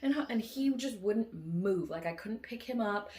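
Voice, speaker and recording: Woman, casual storytelling, rambling, fillers and restarts, animated quoting, middle pitch. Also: normal speed. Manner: animated, acts out her own quoted lines loudly. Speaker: vlogger recounting a dream.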